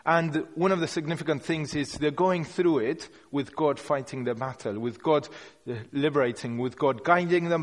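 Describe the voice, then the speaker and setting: Guy preaching casually, kinda rambly, keeps restarting, echoey big hall. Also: a little high. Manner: conversational and unpolished, with frequent restarts and hedging words. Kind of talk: informal sermon. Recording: long hall reverb.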